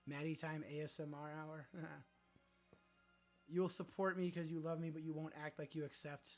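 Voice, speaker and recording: A man's voice: on the high side, flat delivery, normal speed, faint music behind. A man hosting a casual livestream, joking around and answering viewer chat aloud, with some swearing. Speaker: livestream host.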